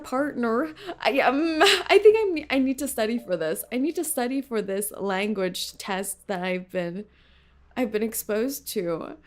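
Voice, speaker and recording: During a game stream, a young VTuber chats casually and keeps breaking into laughter. Her voice is a little high with a darkish tone, and faint game music can be heard in the background.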